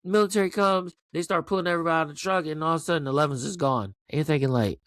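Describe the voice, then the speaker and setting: Excitable, foul-mouthed male show host. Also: fairly high pitch, rapid-fire, no room sound, studio quality. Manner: excited, profane, rambling with frequent "right?". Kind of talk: casual TV recap commentary.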